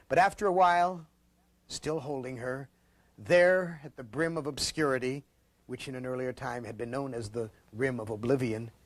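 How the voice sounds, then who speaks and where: A man in his late fifties from Ohio, reading his own story aloud and then giving sardonic commentary in a dramatic, expressive way. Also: mid-range voice, no echo. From Ohio, USA. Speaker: host and author.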